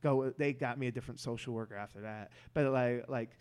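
A young man, a stand-up comedian, chatting casually on a podcast, animated and often restarting his words. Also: medium pitch, a little fast, clean tone.

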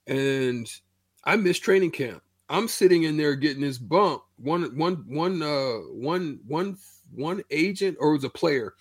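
Animated storytelling man, slightly high voice. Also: measured pace, breathy edge, dry recording. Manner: loose, animated storytelling with slang and quoted voices. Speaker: former pro basketball player, show regular. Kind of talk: casual storytelling chat.

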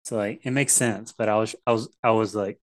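A man co-hosting a podcast, in casual chat about a video game and telling it in a lively, animated way. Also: lowish voice, brisk. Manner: animated storytelling, often acting out what game characters say. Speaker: podcast co-host.

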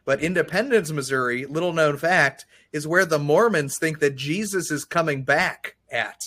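A man's voice: a little high, moderate pace, a bit bright. A man from Ohio with a Midwestern accent, chatting casually and sharing trivia on a podcast. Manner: chatty, tells little facts. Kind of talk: casual chat.

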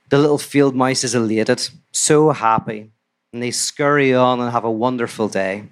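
A man telling a fairy tale aloud to a live audience, in a mid-pitched voice. He is relaxed and conversational, with casual asides and restarts. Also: normal speed. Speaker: storyteller. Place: live talk before an audience.

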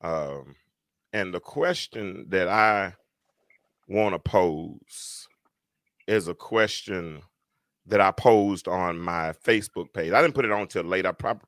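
Bright, animated male talk show host. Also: deep voice, moderate pace, dry recording, clean studio sound. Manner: animated, laughing storyteller who acts out quotes. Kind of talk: casual live-stream talk show.

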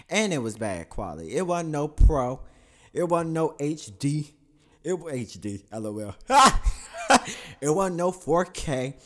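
A man's voice: medium pitch, a little mellow. A man telling a crude, candid confessional story to his listeners, rambling through self-corrections and laughing at himself.

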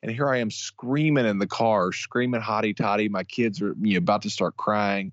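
Lower-voiced rambling co-host, muffled line. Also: male voice, no room sound. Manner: rambling, halting, many restarts, excitable fan. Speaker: podcast co-host. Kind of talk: casual sports talk.

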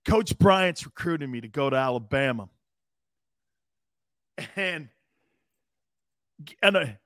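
A man in his fifties hosts a live sports show, rambling through an old story and acting out each quote. His voice sits a little high and sounds bright and forceful. It is recorded close to the mic in a dry room. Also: animated, takes it slowly, long pauses, no room sound. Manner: laughing, rambling anecdote with acted-out quotes. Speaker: host.

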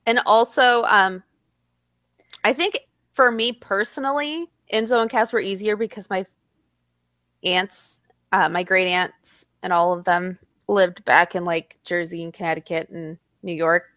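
A woman in casual chat, animated and blunt, swearing freely. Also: mid-range voice, a little slow, dry recording, studio quality.

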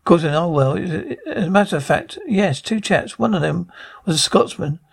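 A man's voice: sits high, animated, moderate pace, vocal fry, breathy edge, heavily acted. A man voicing a blustering military prison commandant who stumbles over his words in an amateur script reading. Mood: flustered. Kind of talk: amateur script read-aloud.

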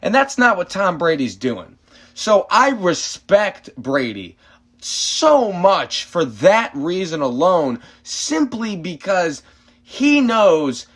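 A man's voice: a little high, sing-song, slow, a bit bright. A man in his thirties hosting a sports podcast, giving a passionate opinion monologue full of rhetorical questions and repetition.

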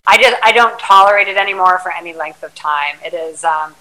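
A woman guest chatting about relationships in a reflective, advice-giving way, with plenty of ums and pauses. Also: on the low side, sharp tone, low-quality recording. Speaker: podcast guest, charter yacht crew. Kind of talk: casual interview chat.

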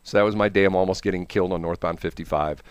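Speaking very fast in a low voice, a morning radio host from the American Midwest rambles through an animated story, laughing frequently. The studio microphone gives a clean tone with no echo.

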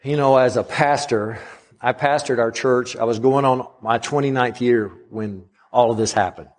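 Middle-aged male guest preacher, mid-pitched voice, swings from fervent climbs to hushed lows. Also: moderate pace. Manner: rises in pitch and volume on emphatic runs, drops soft on quiet points. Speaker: guest pastor. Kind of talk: sermon.

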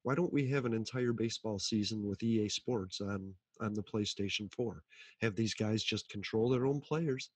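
A man in casual chat, animated, swearing freely and acting out what people said. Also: lowish voice, moderate pace, slightly rough, no echo.

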